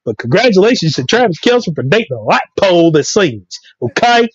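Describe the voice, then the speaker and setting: A man with a Southern US accent co-hosting a sports show, delivering loud, repetitive, profane trash talk as a comedic rant. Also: high-pitched, sing-song, a little fast, slightly rough, dry recording. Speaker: sports podcast co-host. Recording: dry, dull lo-fi mic.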